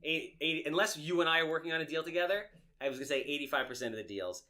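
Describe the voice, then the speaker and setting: A man's voice: a little high, rapid-fire, pushed and bright. A man with a nasal voice, hosting a podcast in brash, joking chat. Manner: brash, joking salesman patter. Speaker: podcast host. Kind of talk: casual interview chat.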